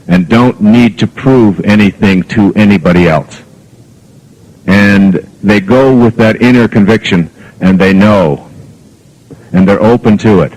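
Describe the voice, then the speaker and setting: A man's voice, on the low side with a darkish tone, comes through a rough recording, expressive and a little slow. He's giving a motivational lecture to an audience, telling earnest, reflective anecdotes. He rambles and leans heavily on fillers.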